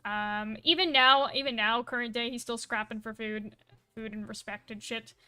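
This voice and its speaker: A woman with a high, bright and smooth voice chats casually on a live stream. She rambles through stories with plenty of asides and self-corrections, and she is playful and quick to poke fun at herself. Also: fairly even intonation. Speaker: livestreamer.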